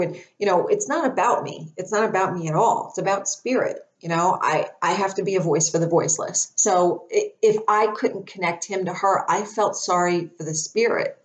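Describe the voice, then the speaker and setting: Lady talking to camera, slightly low voice, throat kinda dry, chatty and animated. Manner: chatty, animated, many fillers and restarts. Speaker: psychic medium. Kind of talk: casual storytelling to camera.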